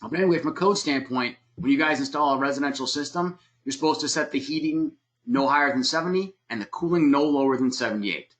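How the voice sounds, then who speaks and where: A man's voice: a little high, quick pace, hardly any pauses, fairly bright tone. A man presenting an online webinar lecture, plainspoken and emphatic, explaining things step by step with some fillers, on a computer mic. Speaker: webinar presenter on heating and cooling design.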